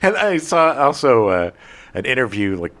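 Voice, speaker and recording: Male co-host, mid-pitch, lively delivery, casual movie talk with the odd swear. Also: normal speed. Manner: animated, swearing, jokey. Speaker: podcast co-host.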